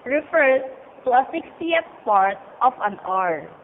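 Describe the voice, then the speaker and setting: A woman reads a lesson slowly and carefully, pausing between phrases. Her voice sits fairly high, and it sounds tinny and thin, like a phone line, with faint noise underneath. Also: big pitch swings. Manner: careful, halting reading. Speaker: student presenter. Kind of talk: slow read-aloud lesson.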